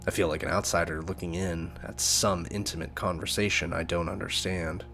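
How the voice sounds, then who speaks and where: A man reading a visual novel aloud, narrating and adding relaxed side comments. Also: deep voice, fairly quick, few pauses, faint music behind. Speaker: game narrator and player.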